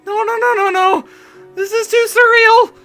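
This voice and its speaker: A gaming streamer voicing a frantic, cheerful schoolgirl club leader in a high, shrill falsetto while reading a visual novel aloud. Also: measured pace, fairly bright tone, soft background music. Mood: panicked. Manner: shrill and theatrical.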